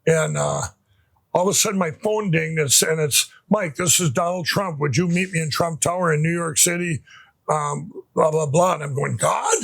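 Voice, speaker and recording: A man from Minnesota, a podcast guest, telling his personal faith testimony in a rambling, halting way, full of restarts and fillers. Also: fairly high pitch, gravelly, fairly bright tone.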